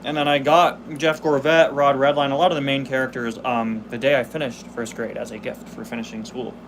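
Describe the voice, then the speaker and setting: A man's voice: medium pitch, flat delivery, a little fast, a little hiss or hum. A man in his twenties hosting a casual live stream, chatting, laughing and reading the chat aloud while chewing candy. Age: 20s. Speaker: host.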